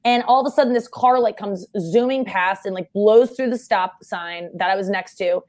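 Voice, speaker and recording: A young woman in casual chat, telling a story fast and animatedly and shouting out the quoted lines. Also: mid-range voice.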